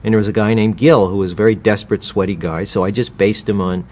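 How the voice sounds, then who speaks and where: Quick-paced yet steady in tone, his low, slightly mellow voice belongs to an American voice actor being casually interviewed. He meanders with lots of restarts, occasionally slipping into characters.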